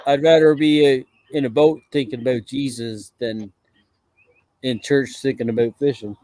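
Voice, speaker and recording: A man talking haltingly with restarts in a casual group chat. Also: mid-range voice, fairly even intonation, darkish tone, dry recording, poor audio.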